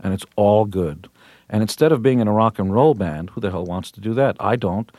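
A brash rock musician in his fifties, speaking low, brisk and mellow, is a guest on a radio interview. He sounds boastful and punchy, and the studio audio is dry and close with no echo.

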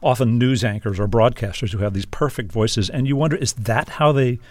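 A man's voice: medium pitch, a little fast, a little mellow, dry recording. A man hosting an interview, asking thoughtful, wordy questions. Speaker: interview host. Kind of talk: casual interview.

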